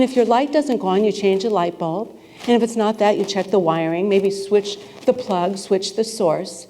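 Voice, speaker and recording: Warm-voiced woman minister in a reverberant hall. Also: mid-range voice. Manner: chatty and playful, asking the congregation questions. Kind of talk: conversational sermon. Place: spiritual center sanctuary with a congregation.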